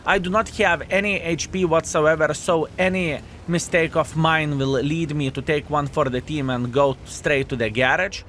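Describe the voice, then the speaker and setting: A man commentating his own video game match to viewers, animated and self-mocking, calling them fellas, with slightly non-standard English phrasing. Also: a little high, moderate pace, few pauses, slight background noise. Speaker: video game player and channel host. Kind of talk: live gameplay commentary.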